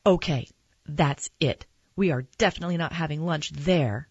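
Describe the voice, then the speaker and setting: A woman's voice: deep voice, moderate pace, gravelly, darkish tone, breathy edge, no echo, muffled recording, full character voice. A woman voicing an exasperated mother in a storybook reading. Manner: sighing, exasperated tone. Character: fed-up mother, weary and exasperated.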